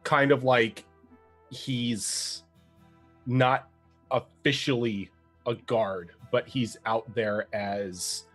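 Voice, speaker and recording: A man running a tabletop roleplaying game as game master, narrating in a loose, halting way with fillers. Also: medium pitch, steady tone, fairly bright tone, soft background music.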